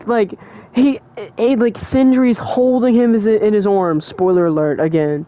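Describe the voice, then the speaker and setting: Excitable young adult streamer, chatty. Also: medium pitch, a little slow, dry recording. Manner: emotional and excitable, heavy on fillers like "like" and "bro". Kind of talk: casual livestream chat.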